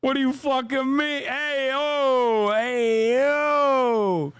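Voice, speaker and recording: A man's voice: extremely high pitch, fairly even intonation, very slow, a bit bright, smooth, no room sound, studio quality, voice pushed up, heavily acted. A man voicing a brash Italian-American New Jersey tough guy who swaggers, curses and uses mobster slang. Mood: belligerent.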